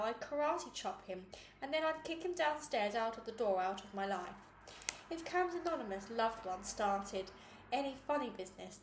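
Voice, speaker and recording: Woman, bright higher voice, reading a storybook, echoey room with faint hiss. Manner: lively, acts out dialogue with character voices. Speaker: audiobook reader.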